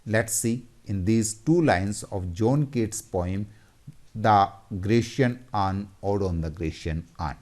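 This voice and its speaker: A man giving a slide-based poetry lesson, slow and methodical, repeating each step. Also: on the low side, expressive, darkish tone. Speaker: teacher.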